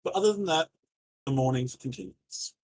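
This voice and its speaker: A man's voice: medium pitch, animated, moderate pace, a little mellow, rough recording. A man running a tabletop game as game master, narrating loosely with many fillers and casual swearing.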